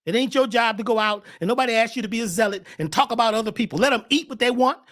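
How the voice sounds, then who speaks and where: A man hosting a spiritual talk show, preaching with fire, shouting at times and then dropping to a hush. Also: very high-pitched, racing. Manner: preachy, swings from shouting to hushed. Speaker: host.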